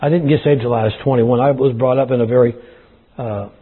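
A man's voice: mid-range voice, steady tone, a little fast, slightly rough. A man preaching a sermon to his congregation, folksy and plain-spoken, addressing them as y'all, with a dry throat. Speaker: pastor. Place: church service. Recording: tinny phone-like sound.

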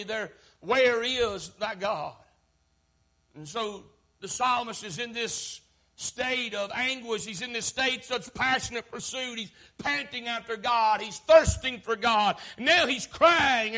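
A preacher delivers an impassioned sermon in a very high, bright, sharp voice. His delivery swells into shouts and then sinks back down low.

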